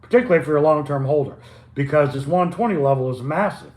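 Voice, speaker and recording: An older man with a fairly high voice riffs over stock charts on a live stream from home, relaxed and improvised, tripping over his words now and then. The room is echoey. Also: fast. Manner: loose, chatty, improvised, with stumbles and asides. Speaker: stock chart livestream host. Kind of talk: casual live chart commentary.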